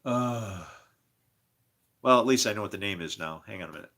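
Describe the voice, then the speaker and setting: A man's voice: fairly low pitch, moderate pace, pauses often, pushed and bright. A man on a rambling live stream, exasperated, swearing and laughing as he talks to his viewers. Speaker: streamer studying scripture.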